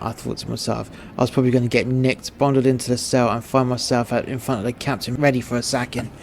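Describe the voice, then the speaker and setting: Flat-voiced English man, blunt narration. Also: mid-range voice, a little hiss or hum. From England. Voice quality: crude, blunt. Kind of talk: scripted narration of a short story.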